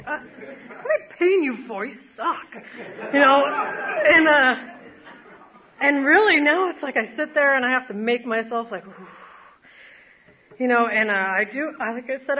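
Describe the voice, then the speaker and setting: In lo-fi sound, a woman with a slightly high voice stands before an audience and offers personal testimony about her recovery. Her telling is rambling, filled with fillers and self-mocking laughter.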